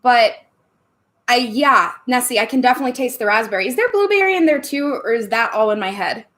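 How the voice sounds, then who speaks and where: A bubbly woman talks casually to her livestream viewers. Her voice sits a little on the high side, and she laughs easily and chats freely. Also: lively intonation, fairly quick, a bit bright. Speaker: livestream host. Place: home room.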